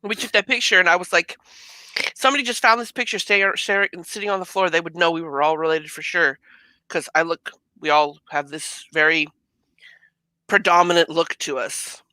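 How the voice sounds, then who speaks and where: Woman from California, bright crisp voice, dry close sound, rambling chatty guest. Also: fairly low pitch, moderate pace, no echo, low-quality recording. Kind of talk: casual chat.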